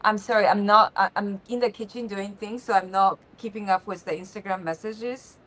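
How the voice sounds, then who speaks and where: A woman's voice: medium pitch, fairly even intonation, moderate pace, fairly bright tone. A woman co-hosting a casual livestream from her kitchen, chatty and effusive. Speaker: livestream co-host. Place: home kitchen.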